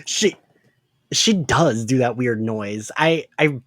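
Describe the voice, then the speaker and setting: A man co-hosting a fan podcast, chatting excitedly and laughing often, with lots of fillers. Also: mid-range voice, slow pace, no echo. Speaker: podcast co-host. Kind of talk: casual fan podcast chat.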